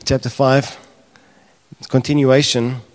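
A man preaching a sermon, talking casually to his congregation and building to impassioned, near-shouted questions. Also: medium pitch, level tone, takes it slowly. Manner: conversational asides to the congregation.

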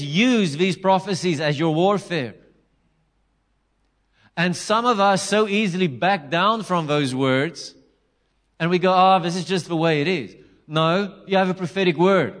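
A man preaching a conversational, animated sermon, acting out quotes and restarting phrases. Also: fairly high pitch. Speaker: pastor.

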